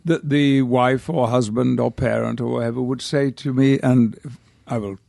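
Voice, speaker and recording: An older man from the north of England, a podcast guest telling anecdotes in a relaxed, rambling way with hesitations. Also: mid-range voice, a little slow, creaky, no echo. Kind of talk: casual interview storytelling.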